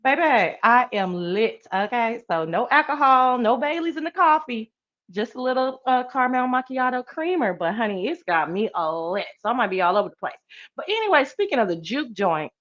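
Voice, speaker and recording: A sassy woman chats casually with her live-stream viewers in a playful, slang-heavy style. Her pitch swings widely as she talks. The sound is dull and lo-fi. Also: bright, forceful tone. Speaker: live-stream show host.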